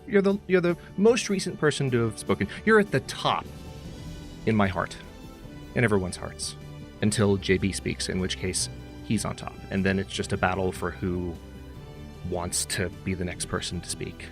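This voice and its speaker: A man hosting a livestream, chatting casually and rambling as he greets viewers by name, speaking into a close mic. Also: medium pitch. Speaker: streamer host. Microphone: close studio mic. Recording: faint music behind.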